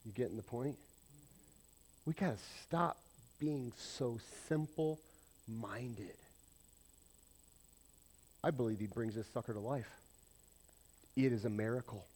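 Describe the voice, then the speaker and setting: A man preaching a sermon, swinging between loud, excited points and quiet, confiding asides, often asking the congregation questions. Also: mid-range voice, unhurried, long pauses. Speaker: pastor.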